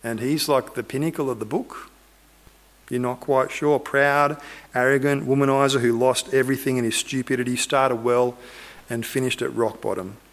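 A man's voice: medium pitch, steady tone, moderate pace. A man preaching, retelling a Bible story in a loose, conversational way with asides to his listeners.

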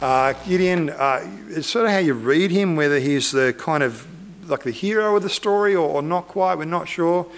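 Animated high-voiced male preacher. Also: normal speed. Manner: animated, acts out characters' voices. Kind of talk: sermon storytelling.

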